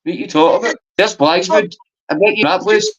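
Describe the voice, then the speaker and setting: A man with a Glaswegian accent, arguing in loud, sweary banter on a livestream. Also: high voice, quick pace, muffled recording. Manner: argumentative, sweary, excitable. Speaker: livestream guest. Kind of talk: heated banter.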